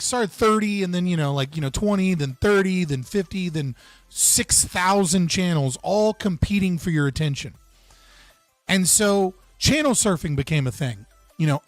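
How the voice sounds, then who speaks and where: A man's voice: high voice, no room sound. A man hosting a live stream who rambles and argues with his chat in a casual, profane way, full of fillers and self-corrections.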